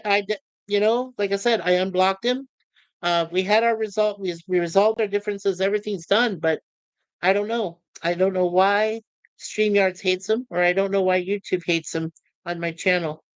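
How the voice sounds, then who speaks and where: A woman hosting a casual livestream, reading viewer comments aloud in a rambling, halting way. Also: on the low side, no echo. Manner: rambling, halting, many fillers and restarts. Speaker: livestream host.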